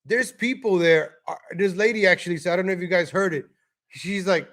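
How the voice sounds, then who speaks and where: High-voiced ranting New man. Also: fairly quick, a bit bright. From New York. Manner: heated, mocking, profane rant. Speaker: live stream host. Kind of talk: live stream commentary over a video.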